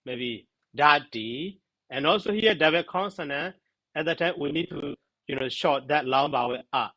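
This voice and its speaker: A man teaching Pali grammar in a class discussion, halting and searching for words, with many fillers. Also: on the high side, sharp tone, low-quality recording.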